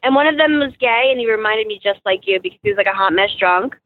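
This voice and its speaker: A woman's voice: mid-range voice, quick pace. Brash woman on a tinny phone line. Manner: brash, loud, bubbly. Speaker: guest. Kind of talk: casual chat. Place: car.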